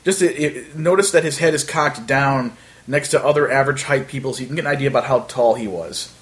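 A man's voice: medium pitch, quick pace. Rambling man telling a story. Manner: rambling with many fillers, animated retelling. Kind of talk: casual storytelling chat.

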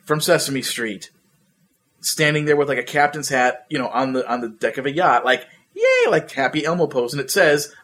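A young man hosting a podcast, ranting and swearing in casual, animated chat. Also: medium pitch. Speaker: podcast host.

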